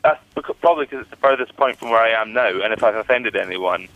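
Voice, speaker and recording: A musician calling in by phone to a radio show, talking in a jokey, self-mocking way. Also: male voice, lowish voice, lively intonation, quick pace, no room sound. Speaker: musician guest. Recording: dull phone line.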